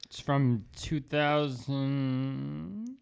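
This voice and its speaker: A man co-hosts a podcast and chats casually. He teases the others playfully, at an ordinary middle pitch. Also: drawn-out words, creaky, a crowd in the background. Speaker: podcast co-host. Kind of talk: casual chat.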